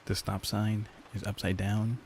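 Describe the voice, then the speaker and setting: A man's voice: lowish voice, flat delivery, unhurried, a little hiss or hum. A man streaming in casual chat, crude and joking, often stammering and restarting his sentences.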